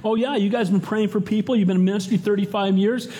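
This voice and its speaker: A man's voice: high voice, fairly even intonation, quick pace, dark tone, pitched above the performer's own voice, natural voice. A man preaching voices the enemy as a mocking male spirit asking goading questions. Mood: taunting.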